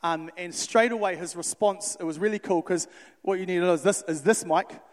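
A young man, a youth worker telling stories in a sermon, animated and conversational, acting out the dialogue. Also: high voice, fairly quick. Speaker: youth worker speaking to a church. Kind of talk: storytelling sermon. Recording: reverberant hall.

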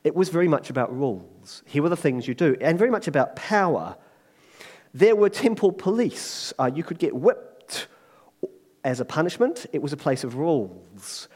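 Lively conversational male preacher. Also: on the high side, normal speed. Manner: lively and conversational, with jokes and acted-out quotes. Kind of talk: sermon.

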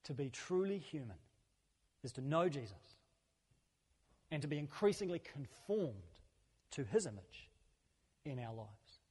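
Man, pastor, earnest conversational sermon, higher voice, long church-hall reverb. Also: very animated, unhurried, pauses often, a little mellow, slightly rough. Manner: earnest, conversational preaching with repeated phrases.

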